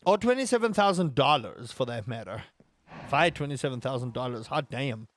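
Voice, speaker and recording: A man's voice: mid-range voice, animated, fairly quick. A man live-streaming a game, talking casually to his chat and ranting with emphatic repetition. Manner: talks to his chat between tangents.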